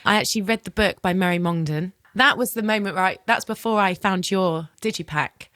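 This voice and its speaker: Woman, podcast host, animated storyteller who acts out dialogue and swears casually; dry, close sound. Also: mid-range voice, brisk, no echo. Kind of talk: lively personal storytelling in conversation.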